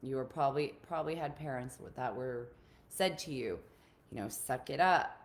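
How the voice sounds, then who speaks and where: A woman's voice: very deep voice, normal speed. A woman relationship coach talking casually on a live stream to her group, earnest and encouraging, often repeating her key points.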